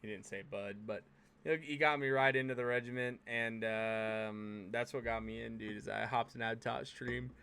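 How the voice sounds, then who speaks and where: A man's voice: mid-range voice, fairly even intonation, normal speed, creaky, pushed and bright, smooth. A man hosting a casual gaming podcast, laid-back and swearing freely. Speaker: podcast host.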